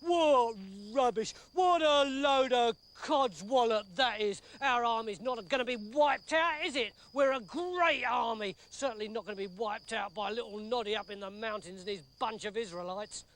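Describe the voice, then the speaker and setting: A man's voice: extremely high pitch, normal speed, fairly bright tone. A man putting on a blustering enemy soldier. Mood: scornful. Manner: blustering, scornful.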